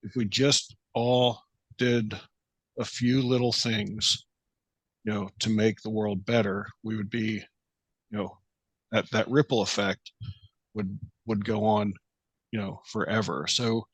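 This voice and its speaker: A man's voice: on the low side, little pitch movement, slow pace, pauses often, husky, no room sound. A man hosting a podcast interview, talking casually and circling through his questions with lots of filler words. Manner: rambling, many fillers like "you know". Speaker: podcast host.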